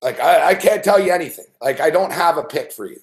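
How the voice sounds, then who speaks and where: A man's voice: fairly high pitch, lively intonation, fast, vocal fry. A man giving a live sports betting rant, profane and exasperated.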